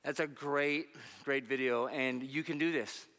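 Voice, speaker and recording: A man's voice: mid-range voice, fairly even intonation, unhurried, a bit bright. A man speaking from a church stage, upbeat and conversational, encouraging the congregation to sign up. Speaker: charity running team speaker. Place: church sanctuary. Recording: long reverb of a church hall.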